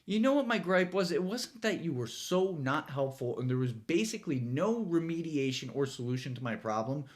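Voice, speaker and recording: A man's voice: fairly high pitch, very animated, normal speed, hardly any pauses. A young man hosting a casual late-night monologue from a studio, rambling, profane and self-mocking. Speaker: host.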